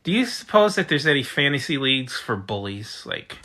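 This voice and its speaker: Bright-voiced man chatting on a livestream. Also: mid-range voice, very animated, fairly quick. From United States. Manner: chatty, reads out usernames and reacts. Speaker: livestream host. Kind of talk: casual chat reading viewer comments.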